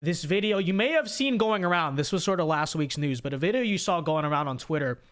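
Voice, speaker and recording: A man with a high voice talks straight into a streaming mic, reading viewer messages aloud and riffing on the news. He restarts his sentences often and keeps tossing in "okay?" to his audience. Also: lively intonation, brisk. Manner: casual, repetitive restarts and frequent "okay?". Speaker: political commentary host. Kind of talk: livestream commentary reading super chats.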